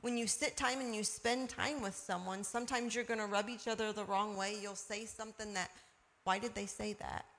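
A woman's voice: mid-range voice, steady tone, a little fast, few pauses. A woman sharing everyday examples in a casual faith discussion, often asking "you know". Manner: warm storytelling with everyday examples and laughs.

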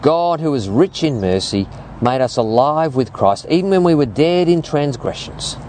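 Aussie pastor guy, 50s, preaching w a really lively up and down voice, faint noise behind. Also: moderate pace. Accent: Australian. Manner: animated storytelling preacher, lively rises and drops in pitch. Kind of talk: sermon.

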